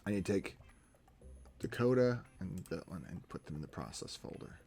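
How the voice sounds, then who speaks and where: Lively, chatty male streamer. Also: sits low, vocal fry, faint music behind. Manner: chatty, talks himself through each step, quick laughs. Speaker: live-streaming photographer. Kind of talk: casual live-stream commentary while editing photos.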